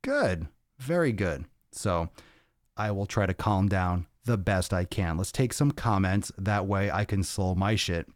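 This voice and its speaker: A male podcast host, out of breath, chatting casually on a livestream and reading viewer comments in an energetic, profane, rambling way into a podcast mic. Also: low-pitched, unhurried, dry recording, studio quality. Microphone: podcast microphone.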